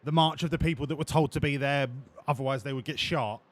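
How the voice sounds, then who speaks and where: A man's voice: medium pitch, fast. A man streaming a racing management game, chatting sarcastically and swearing with his viewers. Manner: sarcastic, sweary banter with chat. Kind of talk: casual live-stream commentary.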